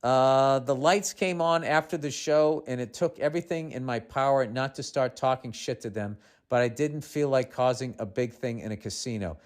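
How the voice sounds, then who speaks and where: At a moderate pace and in a mid-range voice, a man in his fifties with a Boston accent hosts a podcast. He reads a listener's letter and interrupts it with sarcastic, weary remarks.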